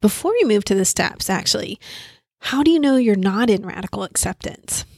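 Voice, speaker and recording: A woman's voice: mid-range voice, expressive, moderate pace, gravelly, breathy edge, no room sound, studio quality. A woman therapist explaining a coping skill in a casual, conversational way, thinking aloud as she goes. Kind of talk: casual teaching talk.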